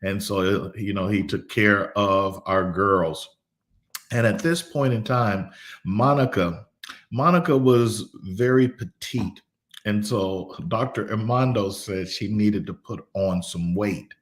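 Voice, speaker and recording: Slow, low-voiced pastor telling a story. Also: male voice. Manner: unhurried, repeats words and phrases. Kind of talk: devotional storytelling.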